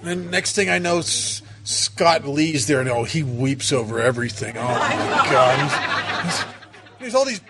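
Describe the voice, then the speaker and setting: A man's voice: a little high, expressive, normal speed, fairly bright tone, some chatter behind. A man telling a personal recovery story to a meeting, emotional and self-mocking by turns. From United States. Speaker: recovery speaker.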